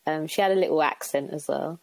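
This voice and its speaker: A young woman with a low, deep voice talks openly and from the heart as a podcast guest. She loops back with fillers and restarts, and the sound is close and dry, with no room behind her. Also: fast, gravelly, a little mellow, no echo, poor audio. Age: young adult. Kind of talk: reflective podcast conversation.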